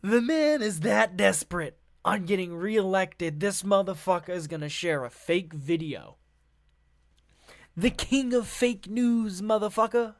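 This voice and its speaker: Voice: mid-range voice, a little slow, no echo. A podcast host reading news articles aloud and breaking off into profane, laughing, rambling asides.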